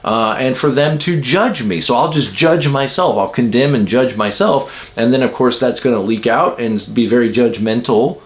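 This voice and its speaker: Man teaching with animated storytelling. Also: medium pitch, moderate pace, hardly any pauses. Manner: animated storytelling with acted quotes. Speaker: Enneagram teacher. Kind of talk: casual teaching talk.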